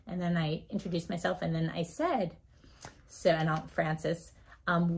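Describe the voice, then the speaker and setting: A woman doctor recounts a patient story as a guest, voice sitting a little low. She tells it with lively swings, acting out the voices of the people in her story. She laughs often as she talks. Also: unhurried, creaky, breathy edge. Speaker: physician guest. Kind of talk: animated storytelling in an interview.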